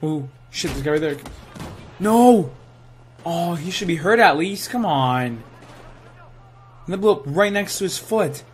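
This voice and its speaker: A young man giving live commentary while playing a shooter game, excitable and swearing, sometimes saying he is tired. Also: fairly high pitch, moderate pace, slight background noise. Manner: excitable, swears, yells at kills. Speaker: gaming streamer.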